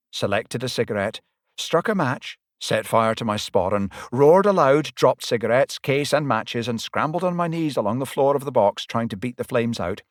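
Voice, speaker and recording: A man narrating a first-person audiobook with animated, dramatic storytelling that rises and falls with the action. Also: dry recording, clean studio sound. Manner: animated, swings pitch and loudness with the action.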